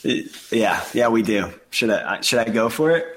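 A man co-hosting a music podcast, chatting in a relaxed, slightly hesitant way. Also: lowish voice, normal speed, husky. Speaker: podcast co-host. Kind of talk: casual chat about music.

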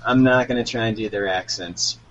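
A man's voice: on the low side, brisk, fairly bright tone, dull audio. A man co-hosting a podcast, chatting casually and chuckling as he reads aloud. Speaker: podcast co-host. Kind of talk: casual chat, reading aloud.

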